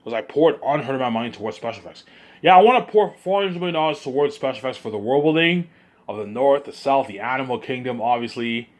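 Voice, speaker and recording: A man's voice: mid-range voice, animated, quick pace. Guy rambling on a vlog, hyped, says stuff over and over. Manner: hyped, repetitive, keeps circling back. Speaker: vlogger. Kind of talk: rambling monologue.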